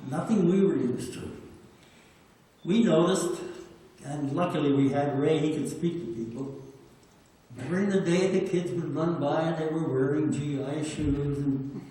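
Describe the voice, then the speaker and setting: A man's voice: a little high, measured pace, dark tone. A man in his nineties, a veteran telling plain-spoken stories to an audience and repeating words for emphasis. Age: 90s. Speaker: WWII veteran speaker. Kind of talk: storytelling talk. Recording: echoey hall, distant mic.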